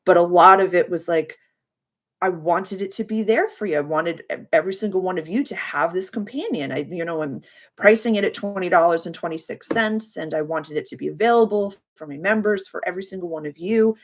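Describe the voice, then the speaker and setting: A woman chats casually on a livestream, her voice sitting a little low. She tells a long story in a heartfelt, rambling way, often stopping to thank her viewers. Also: fairly quick. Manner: addresses viewers by name and thanks them warmly. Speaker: spiritual coach hosting a live members' call.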